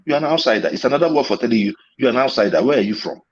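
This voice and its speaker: A man's voice: mid-range voice, animated, very fast, husky, lo-fi sound. A man with a Nigerian accent, calling into a talk show and making his point emphatically, repeating himself and restarting his sentences. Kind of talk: heated call-in debate.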